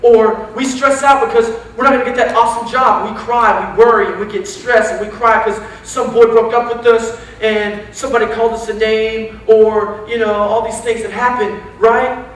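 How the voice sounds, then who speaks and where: A man preaching a casual, animated sermon to young adults in a church, talking straight to the crowd with quick asides. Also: sits high. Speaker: youth pastor. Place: church sanctuary. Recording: echoey church hall, mic from a distance.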